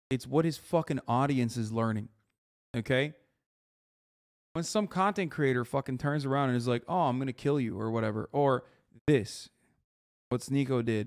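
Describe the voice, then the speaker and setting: A man in his thirties, a streamer reacting to clips with an exasperated, swearing rant. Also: medium pitch. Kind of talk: casual reaction commentary.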